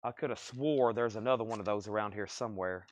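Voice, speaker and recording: A man running a live-stream record sale, calling prices and bidders in brisk bursts with chatty asides. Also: on the low side. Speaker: live auction seller.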